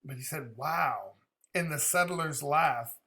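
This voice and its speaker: A man talks through a song's lyrics in a loose, casual way, working out their meaning as he goes. His voice is bright and sits a little high. He laughs often and drops casual swears. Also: slow. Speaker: reaction video host. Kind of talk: casual song reaction commentary.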